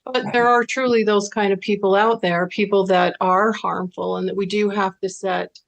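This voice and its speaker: A woman hosts an interview podcast in a calm, measured voice. She builds her points thoughtfully, in a middle pitch. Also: vocal fry. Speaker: podcast host. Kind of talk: conversational interview.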